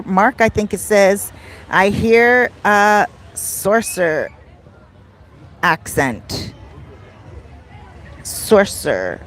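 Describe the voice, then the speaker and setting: A middle-aged Canadian woman with a Canadian accent, chatting casually on a beach livestream and reading viewer comments aloud. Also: on the high side. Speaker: vlogger. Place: outdoors on a beach. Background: faint outdoor street noise.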